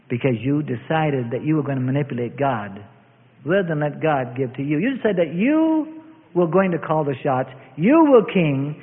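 A man preaching a sermon with dramatic swings between loud and hushed delivery, heard as a tinny lo-fi recording in a reverberant hall. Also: on the high side.

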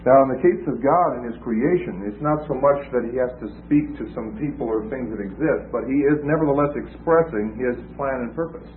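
A man preaching a teaching sermon in an explanatory way, pausing often with "uh" and restarting phrases. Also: medium pitch. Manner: explanatory, with frequent filler "uh" and restarts. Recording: tinny phone-like audio with faint noise.

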